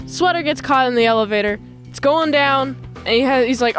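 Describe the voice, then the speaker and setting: Woman episode reviewer, high voice, lively casual recap, faint music under her. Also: a little fast. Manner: animated, mimics characters in funny voices. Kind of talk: casual recap with acted-out quotes.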